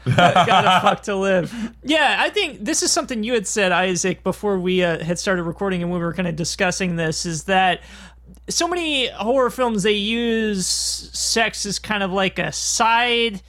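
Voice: mid-range voice, lively intonation, normal speed, a bit bright. A podcast co-host talking about a film in a rambling way, full of fillers. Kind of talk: casual film discussion.

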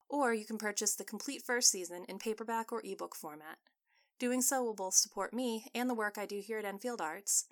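A woman author narrating her own story in an even, scripted way. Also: mid-range voice.

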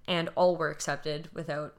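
A young woman with a fairly low voice, talking through a true crime story on a casual podcast. She is emotional and restless, stumbling over half-finished phrases and fillers as she goes. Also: little pitch movement, moderate pace. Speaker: podcast co-host telling a true crime case.

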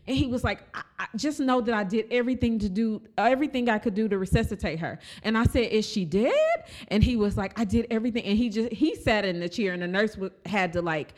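A woman talking casually, her voice at a middle pitch. She tells the story with energy, slipping into the voices of the people she quotes and laughing along the way. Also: fast talker, few pauses. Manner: animated, acts out quoted voices, laughs often. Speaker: storyteller recounting a family story.

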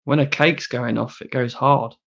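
A man's voice: medium pitch, steady tone, moderate pace, vocal fry, fairly bright tone, dull audio. A tired man co-hosting a podcast, laid-back and teasing in casual chat. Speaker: podcast co-host.

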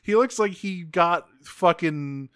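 A high-pitched man co-hosts a podcast, speaking slowly in a slightly bright, clear, resonant voice with no echo and clean studio sound. The chat is casual and laid-back, and he swears freely and laughs often.

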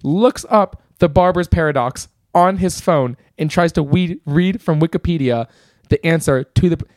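A man's voice: on the high side, normal speed, no echo, clean studio sound. Rambling young man telling a story. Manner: rambling, animated storyteller full of fillers. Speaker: podcast co-host. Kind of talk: casual storytelling chat.

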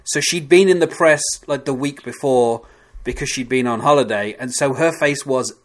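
A man's voice: mid-range voice, normal speed. Rambling British man with fillers. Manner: rambling, hesitant, filler-heavy. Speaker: podcast co-host. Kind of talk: casual podcast discussion.

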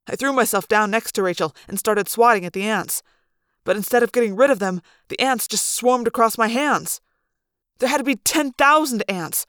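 A woman reading a first-person audiobook aloud in an expressive, dramatic way. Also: mid-range voice. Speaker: audiobook reader.

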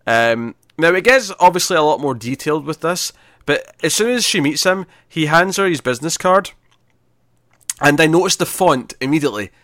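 A man's voice: fairly high pitch, animated, moderate pace, fairly bright tone, no room sound. Dry-sounding man chatting casually. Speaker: podcast co-host. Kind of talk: casual film review chat.

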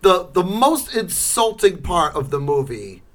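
A middle-aged man co-hosting a podcast, chatting casually and acting out scenes in loud, shouted bursts. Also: high voice, very animated, unhurried. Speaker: podcast co-host. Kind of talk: casual chat.

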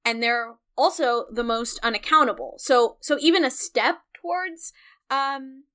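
A woman's voice: sits high, unhurried, fairly bright tone. A woman co-hosting a podcast, explaining policy frankly and casually, with the odd swear word. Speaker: podcast co-host. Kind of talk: casual political chat.

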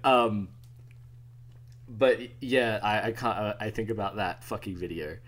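A man's voice: fairly low pitch, fairly even intonation, measured pace, slight background noise. A man with an Australian accent co-hosting a podcast, telling rambling stories and swearing freely. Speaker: podcast co-host. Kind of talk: casual podcast chat.

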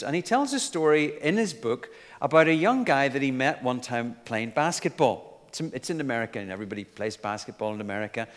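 A man's voice: mid-range voice, big-room sound. A man preaching a sermon in an earnest, emphatic way, with light asides.

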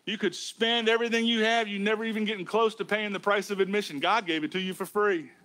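A man preaching a sermon as a pastor, emphatic and folksy, swinging between loud lines and hushed ones. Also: sits high, steady tone, fast talker, music in the background. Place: church sanctuary.

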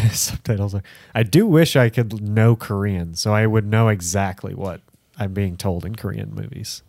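Man, podcast co-host, low voice, dry sound, loose rambling chat. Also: moderate pace, a little mellow, no room sound. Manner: rambling, full of "like" fillers. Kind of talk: casual chat.

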